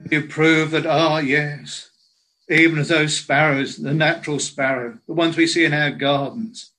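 Slow, earnest male preacher. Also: a little high, fairly even intonation, pushed and bright, poor audio. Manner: slow, earnest preaching with old biblical phrasing. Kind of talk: sermon.

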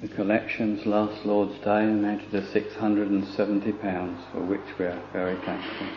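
A man reading church notices in a flat, matter-of-fact way, on a roomy, noisy, muffled recording made from a distance. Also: lowish voice, moderate pace. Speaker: church minister giving notices.

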